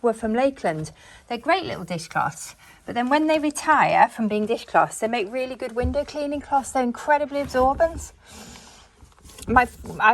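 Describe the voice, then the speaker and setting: A woman's voice: on the high side, a little hiss or hum. A middle-aged woman filming herself cleaning her bedroom, chatting to viewers in a homely way and a little out of breath from the work. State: slightly out of breath from working. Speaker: cleaning vlogger. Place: bedroom at home, indoors.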